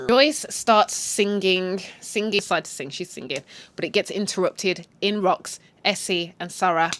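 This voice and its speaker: Here is a young woman recapping a drama series for her channel, chatty and loose, full of slang and cussing, laughing at the wild turns as she goes. Her voice sits at an everyday middle pitch and is recorded close to the mic. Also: measured pace. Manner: chatty and animated, slangy, swears, laughs often. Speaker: show recap host. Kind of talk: casual spoken story recap.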